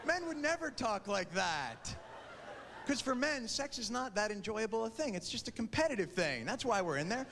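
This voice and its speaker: A man in his thirties performing a stand-up comedy routine, quickly acting out characters in put-on voices. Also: very high voice, very animated, gravelly, a bit bright. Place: large theater before a live audience. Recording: live stage recording in a reverberant hall with crowd noise.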